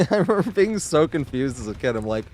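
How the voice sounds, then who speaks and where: A man in his thirties from the New York area rambles to a live stream audience. He laughs often and swears freely, keeping his voice at an ordinary middle pitch. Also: sing-song, a little fast, a little mellow. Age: 30s. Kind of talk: casual live-stream chat.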